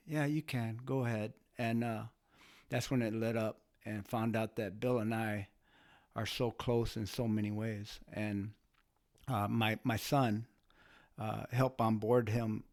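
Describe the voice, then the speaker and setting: Halting, emotional man telling a story. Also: lowish voice, flat delivery, a little mellow, dry recording, clean studio sound. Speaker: guest, bystander who helped. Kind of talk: casual storytelling.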